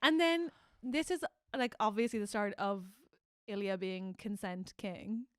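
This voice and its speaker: A woman co-hosting a comedy podcast in casual chat, excitable and quick to laugh. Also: medium pitch, clear, resonant tone, dry recording, studio quality. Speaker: podcast co-host.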